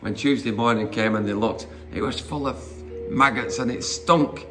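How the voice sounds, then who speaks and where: A man's voice: mid-range voice, normal speed, bright, forceful tone, soft background music. A man preaching an informal sermon, conversational and rambling with fillers and asides as he retells Bible stories.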